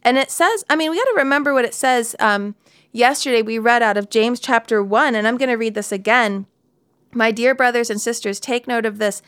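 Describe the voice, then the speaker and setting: Smooth-voiced woman sharing a devotional story. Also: a little high, fairly quick, a bit bright, no room sound, clean studio sound. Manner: candid storytelling with laughs and asides. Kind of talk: devotional Bible teaching talk.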